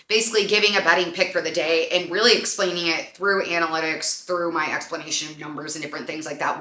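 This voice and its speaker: A young woman hosting a podcast, telling a story in a chatty, animated way full of fillers. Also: on the low side. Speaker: podcast host. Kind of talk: casual storytelling chat. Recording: echoey room.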